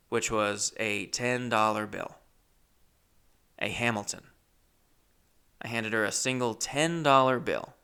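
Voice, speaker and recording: Bright, clear-voiced man telling a comic story. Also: medium pitch. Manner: animated, self-deprecating, addresses listeners as folks. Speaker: comedian. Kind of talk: comedic storytelling.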